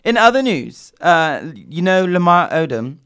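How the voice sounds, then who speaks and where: A man's voice: high-pitched, very animated, measured pace, a bit bright, smooth. Sassy man dishing gossip. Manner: sassy, teasing, playful asides. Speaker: podcast co-host. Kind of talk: casual gossip chat.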